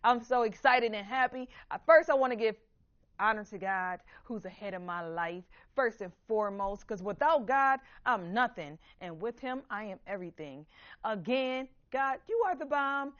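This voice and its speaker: A woman from Buffalo, New York, hosting a motivational talk show, talking in an animated, preachy way and calling the audience "baby.". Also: on the high side, normal speed, highs cut off. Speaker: host.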